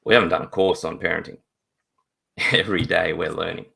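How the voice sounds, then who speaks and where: Gravelly deep-voiced man. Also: fairly even intonation, brisk, sharp tone. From Australia. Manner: laughs often, acts out voices in his stories. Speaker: interview guest, father. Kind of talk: casual storytelling in a live video interview. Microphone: video call.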